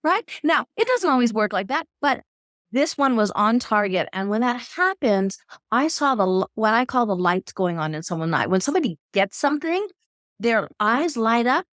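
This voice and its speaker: A woman guest on a podcast interview who explains her ideas in an expressive, storytelling way. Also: fairly high pitch, normal speed, no room sound, studio quality. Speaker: podcast guest, eating expert. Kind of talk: conversational explanation.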